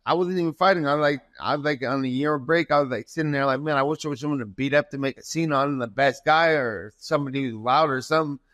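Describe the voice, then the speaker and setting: A man in his thirties, a fighter guest, telling stories in a profane and animated way in a casual interview. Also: a little high, no room sound.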